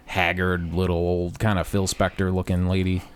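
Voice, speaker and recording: A man hosting a podcast, telling a story casually, with lots of swearing and sudden loud shouts when he acts out a scene. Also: sits low, normal speed, clean tone. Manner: animated, profane, bursts into loud yelling when re-enacting. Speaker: podcast host.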